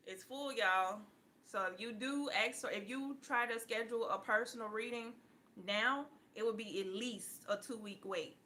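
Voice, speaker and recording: A woman giving a blunt, profane casual talk to her viewers as a tarot reader, laughing often and getting loud at times. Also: mid-range voice, a little hiss or hum.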